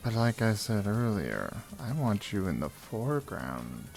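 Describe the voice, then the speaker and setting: A man chatting on a game stream, relaxed and teasing, with many pauses. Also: lowish voice, creaky, faint music behind. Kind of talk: casual stream chat.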